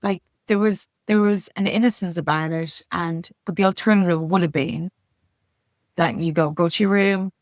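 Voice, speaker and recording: A middle-aged woman telling her story as a podcast guest, frank and earnest, with blunt language and quick restarts. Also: fairly low pitch, steady tone, dry recording, clean studio sound. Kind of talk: candid conversational storytelling.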